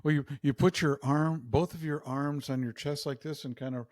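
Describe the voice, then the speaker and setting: A man's voice: on the high side, steady tone, normal speed, no room sound, clean studio sound. A man co-hosting a casual talk show, joking about himself with a wry sense of humor. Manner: wry, self-mocking humor, laughs often. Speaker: podcast co-host. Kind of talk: casual chat.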